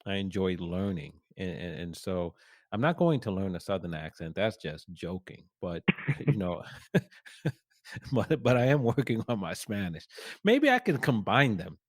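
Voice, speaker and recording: A man hosting a sports podcast in a relaxed, rambling way, with many fillers and restarts. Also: sits low, measured pace, no room sound, studio quality. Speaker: podcast host. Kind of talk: casual podcast chat.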